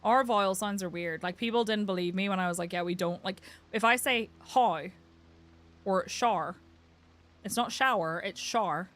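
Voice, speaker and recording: A woman's voice: mid-range voice, moderate pace, a bit bright. A young woman with a Northern Irish accent, chatting casually while streaming a game, laughing often and swearing lightly. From Northern Ireland. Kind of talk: casual live-stream chat while gaming.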